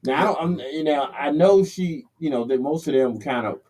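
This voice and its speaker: A man co-hosting a podcast, telling a story in a relaxed, rambling way. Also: a little high, moderate pace. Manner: rambling, relaxed, full of fillers. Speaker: podcast co-host. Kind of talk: casual comedic chat.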